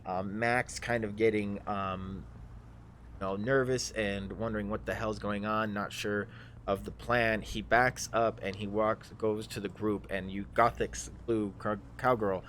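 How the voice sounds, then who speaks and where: Brief: game master with a lowish voice, halting narration, faint room ambience. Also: male voice, flat delivery, a bit bright, a little hiss or hum. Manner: hesitant, many fillers and restarts. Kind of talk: narrating a tabletop game livestream.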